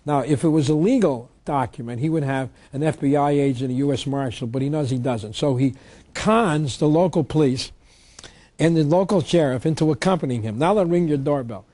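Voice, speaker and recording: A man delivers a public lecture with steady emphasis, reading statutes aloud and then driving home his points. His voice sits fairly high for a man. It has a mellow, warm tone. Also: brisk. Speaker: lecturer on tax law.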